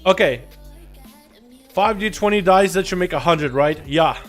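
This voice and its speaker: A man's voice: high voice, unhurried, faint music behind. A young man hosting a casual gaming livestream, rowdy and profane as he greets his chat. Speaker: livestream host.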